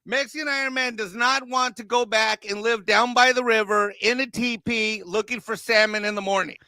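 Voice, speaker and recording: A man's voice: very high voice, fairly even intonation, normal speed, sharp tone, clean tone, dry recording. A man co-hosting a political talk show from his home, joking brashly and sarcastically. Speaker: co-host. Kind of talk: casual political chat. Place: home near a golf course.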